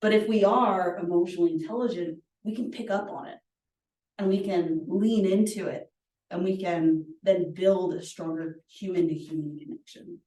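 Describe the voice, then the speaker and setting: A woman's voice: fairly low pitch, moderate pace, warm tone. A woman leading a workshop, teaching conversationally with personal stories, earnest and chatty, often asking "right?". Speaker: workshop presenter. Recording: roomy echo, distant mic.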